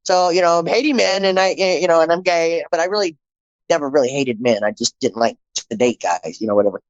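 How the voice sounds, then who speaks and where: A middle-aged woman, a podcast guest, telling her personal story in an animated way, acting out the dialogue and repeating phrases for emphasis. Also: deep voice, a little fast, dry recording, dull audio.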